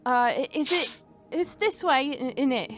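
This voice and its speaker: A woman voicing a pair of frozen, stumbling travelers who shout high and strained and speak hesitantly. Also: animated, moderate pace, faint music behind. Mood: flustered.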